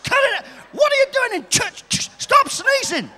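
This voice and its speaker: A man's voice: very high-pitched, very animated, moderate pace, bright, forceful tone, raised voice, big-room sound, pitched above the performer's own voice, full character voice. A man putting on the voice of a stern mother who scolds sharply. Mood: scolding.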